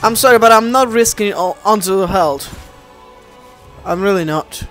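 A man giving let's play commentary, animated and easily exasperated, often addressing viewers as guys. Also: high-pitched, normal speed, faint music behind. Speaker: gameplay commentator.

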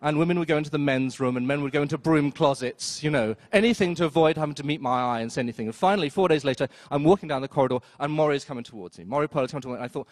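A man telling a story on stage at a live event, wry and self-mocking, with quick asides and acted-out quotes. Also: on the high side, darkish tone, dry recording. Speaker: storyteller, film critic. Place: theater stage before an audience.

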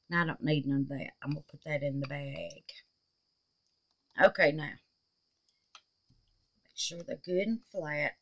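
A resin craft vlogger, her voice lowish and fairly bright, chats folksily while assembling a resin clock at home. She sounds tired and huffs, exclaiming and laughing often in this casual crafting talk.

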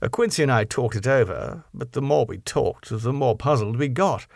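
A man voicing a proud young English lord who speaks earnestly and formally and is quick to take offence. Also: mid-range voice, expressive, vocal fry, dry recording, studio quality, pitched above the performer's own voice. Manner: earnest and formal, rising to indignation.

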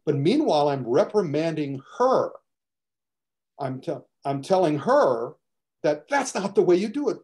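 An older man, a martial arts film critic, telling lively stories in casual chat and acting out the scenes. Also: fairly high pitch, a little slow. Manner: animated storyteller acting out scenes.

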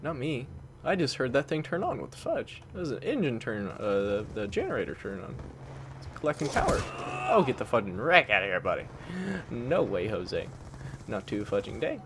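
A man commenting on his own gameplay, excitable, dropping from low mutters to sudden loud yelps and swapping curses for mild words. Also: moderate pace. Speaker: gaming commentator. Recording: game gunfire and noise behind the voice.

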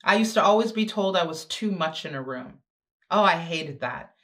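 A woman's voice: lowish voice, animated, moderate pace, a bit bright. A woman giving a motivational talk to teenage girls, with emphatic, repetitive exhortations and chatty, sassy asides. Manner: emphatic, repetitive exhortation with sudden swings in pace. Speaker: guest speaker.

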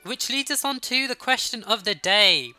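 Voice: mid-range voice, animated, moderate pace, sharp tone, smooth, faint music behind. A young adult Let's Play gamer with a Birmingham accent, chatting to viewers during casual gameplay commentary while sniffly with a runny nose.

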